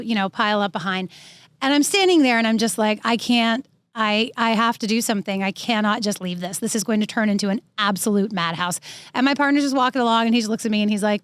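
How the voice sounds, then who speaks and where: A woman co-hosting a podcast, telling a story in a casual, animated way and acting out the people in it. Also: fairly high pitch, dry recording. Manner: animated, acts out quoted people. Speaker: podcast co-host.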